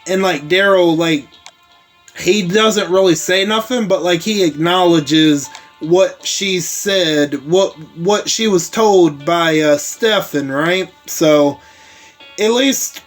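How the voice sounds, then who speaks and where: High-voiced man in an unhurried casual recap. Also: soft background music. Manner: rambling, heavy on fillers like "like" and "uh", with casual swearing. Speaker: host recapping a TV episode. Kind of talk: casual spoken episode recap.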